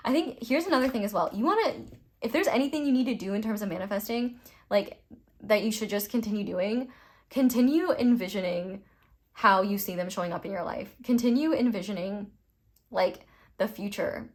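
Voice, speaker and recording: A woman's voice: medium pitch, brisk, a little mellow. Chatty young woman reading tarot. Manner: gushing, rambling, with frequent "like" and some swearing. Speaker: tarot reader. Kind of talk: casual pick-a-card reading.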